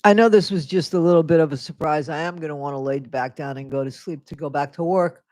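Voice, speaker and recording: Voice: mid-range voice, fast talker, darkish tone, dry recording. Chatty, rambling live-stream host, dry sound. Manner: rambling, chatty, hops between topics. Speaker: livestream host. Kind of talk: casual live-stream chat, reading viewer comments aloud. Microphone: new microphone.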